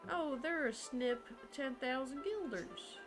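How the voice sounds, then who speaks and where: A woman's voice: sits high, slow, pitched above the performer's own voice, poor audio. A woman voicing a chatty, salesy male travelling merchant in a put-on Southern American accent, reading game dialogue aloud. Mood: folksy, salesy. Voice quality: long-winded sales patter. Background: game music.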